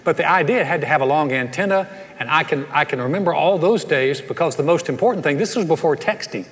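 A pastor delivers a sermon, his voice pitched a little high. He talks in a folksy, storytelling way, doubling up words as he goes. The sound carries a long reverb, as if recorded in a big church hall. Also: fast talker, a bit bright.

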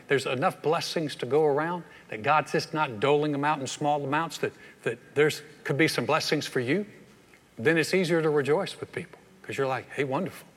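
Older pastor, folksy chatty sermon, bit high voice, long church hall echo. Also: male voice, fairly bright tone, husky. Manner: folksy, conversational preaching with playful asides.

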